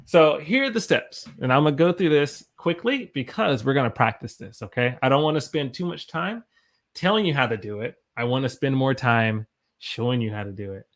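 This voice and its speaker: A young man hosts a live English lesson, talking casually and warmly encouraging his viewers. His voice sits at a middle pitch, and he answers viewer comments as they come in. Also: animated, a little fast. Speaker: English teacher, livestream host.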